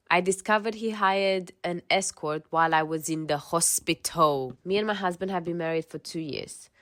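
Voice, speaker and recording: A woman reading relationship posts aloud in a casual storytime, then breaking off to rant with exasperated outbursts and some swearing. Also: fairly low pitch. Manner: reads posts then rants with animated outbursts.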